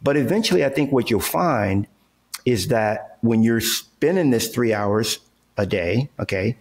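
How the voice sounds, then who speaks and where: In an unhurried, expressive mid-range voice, this man, an interview guest who works as a real estate entrepreneur and coach, lays out his ideas with emphasis. His talk is casual, full of everyday examples and frequent "okay" and "right" checks.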